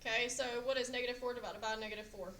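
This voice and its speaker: Woman teacher, bright voice, quizzing the class, echoey classroom, faint hiss. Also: on the high side, fairly even intonation, rapid-fire. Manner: quizzing students with frequent "okay?" check-ins. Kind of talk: classroom math lesson.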